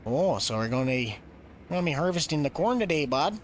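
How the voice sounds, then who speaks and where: A man's voice: on the high side, sing-song, a little fast, slight background noise. A man doing a jolly, exaggerated Canadian man in a folksy, sing-song drawl. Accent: put-on Canadian.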